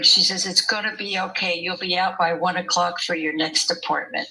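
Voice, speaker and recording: An older woman recounts her experiences to an interviewer in a chatty, storytelling way, often breaking into laughter. Her voice sits low but has a bright, forward tone. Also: fairly even intonation, normal speed, hardly any pauses, slight background noise, low-quality recording. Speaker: interview guest. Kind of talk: conversational storytelling.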